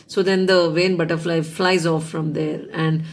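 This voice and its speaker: A woman's voice: deep voice, level tone, measured pace. A woman hosting a weekly storytelling show, telling a children's fable with lots of casual fillers. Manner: chatty, many fillers like "you know" and "yeah". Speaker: storyteller host.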